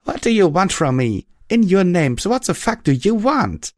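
A small young mare cries out high above her narrator's low voice, shrill and strained, as a man puts her on. Her lines burst out loud and stretched, at the edge of panic. The reading is dry and close. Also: wildly swooping pitch, slow, dry recording, full character voice. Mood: furious. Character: small young female pony, frightened and furious.

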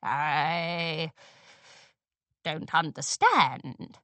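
A woman voicing an ancient, menacing old mare pony with a raspy, low voice and a slow, hesitant way of speaking. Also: a bit bright, no echo, exaggerated voice. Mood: unsure. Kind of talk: storybook character voice.

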